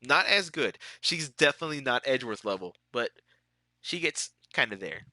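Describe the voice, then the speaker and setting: Streaming a game, a man chats casually with viewers, laid-back and laughing a lot, his nose stuffy as if he's sick. His medium-pitched voice is animated, pushed and bright at a normal pace, recorded dry with studio quality.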